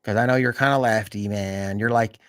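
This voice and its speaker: A man hosting a live stream in casual chat, rambling and filling every pause with "you know" and "like". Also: on the low side, steady tone, a bit bright, clean tone, no echo.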